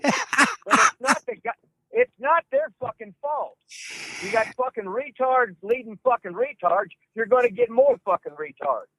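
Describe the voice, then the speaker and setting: A man's voice: very high-pitched, lively intonation, normal speed, a bit bright, no echo. An older man, a wrestling trainer, tells stories in a profane, ranting way, cursing constantly. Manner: ranting, heavy cursing, gruff Southern drawl. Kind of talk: profane storytelling interview. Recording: dry phone-line sound.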